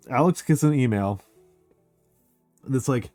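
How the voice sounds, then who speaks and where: Excitable man streaming. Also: medium pitch, moderate pace, no echo, faint music behind. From United States. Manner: excitable, swearing, heavy filler words. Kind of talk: casual chat.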